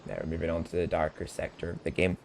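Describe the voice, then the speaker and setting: A man's voice: deep voice, little pitch movement, fast, slight background noise. A man streaming casual gameplay commentary, chatty, laughing often and swearing. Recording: game music underneath.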